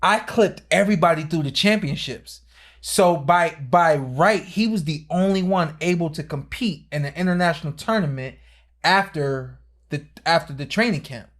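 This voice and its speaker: Laid-back, higher-voiced man telling stories. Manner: laid-back storyteller, laughs often. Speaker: podcast co-host, former boxer. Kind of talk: casual chat.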